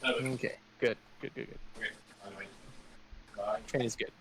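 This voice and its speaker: Man, player, slow drawl, gravelly husky voice, lively pitch. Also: a loud crowd, low-quality recording. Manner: drawling, gravelly, swears and laughs. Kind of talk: casual game banter.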